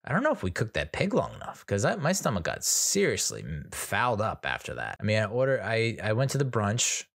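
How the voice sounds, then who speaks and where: A man's voice: fairly low pitch, huge pitch swings, a little fast, creaky, a bit bright. An American man in his thirties, a comedian telling a rambling, self-deprecating story full of restarts. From United States. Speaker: comedian host.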